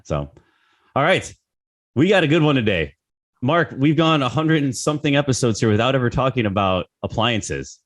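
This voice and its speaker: Slightly hoarse podcast host. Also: male voice, mid-range voice, normal speed. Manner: relaxed, stammers and repeats words. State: slightly hoarse, lost voice a little. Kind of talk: casual podcast chat.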